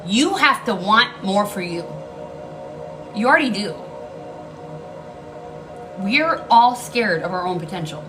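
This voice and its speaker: A woman's voice: mid-range voice, expressive, slow pace, long pauses, music in the background, rough recording. A woman giving a casual tarot reading, blunt and emphatic, swearing freely and repeating key lines for emphasis. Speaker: tarot card reader.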